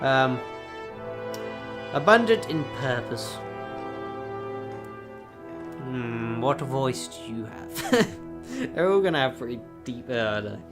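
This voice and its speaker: A man's voice: medium pitch, sing-song, slow, pauses often, over music. A man hosting a game video, reading dialogue aloud with jokey asides and self-mocking laughs. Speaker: gaming video host.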